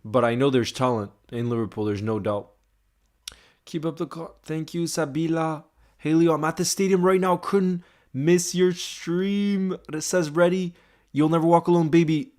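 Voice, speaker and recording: A man's voice: on the high side, moderate pace, darkish tone. Young guy hosting a live stream, chatty, reads out comments and says hi to everyone by name. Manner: chatty, greets viewers by name. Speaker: livestream host. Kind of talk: casual live-stream chat reading comments.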